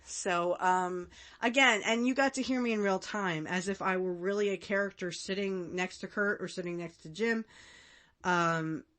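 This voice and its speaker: A woman's voice: mid-range voice, moderate pace, fairly bright tone. A woman in her thirties hosting a casual podcast, chatting with lots of fillers and frequent laughs. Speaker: podcast host. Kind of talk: casual commentary.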